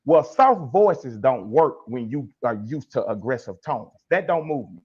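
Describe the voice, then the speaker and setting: A man's voice: medium pitch, expressive, measured pace, darkish tone, slightly rough. A man speaking as a guest life coach in a podcast interview, emphatic and preachy, acting out blunt tough-love lines. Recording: dull lo-fi sound.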